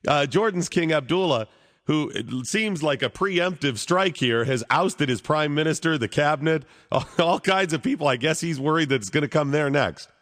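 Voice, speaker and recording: A man's voice: on the high side, expressive, moderate pace, a bit bright, in a large hall. A man hosting a talk radio show, giving blunt, opinionated and exasperated commentary.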